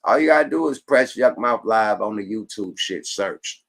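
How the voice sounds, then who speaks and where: A man hosting his own livestream podcast, talking casual and profane with a slurred, gravelly drawl. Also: on the low side, animated, normal speed, a bit bright. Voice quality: gravelly, slurred like a drunk wino. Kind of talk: casual stream sign-off.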